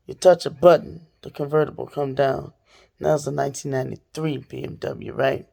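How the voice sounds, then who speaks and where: Gravelly woman vlogger, animated storytime rant straight to camera. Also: low-pitched. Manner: animated, talks straight to viewers.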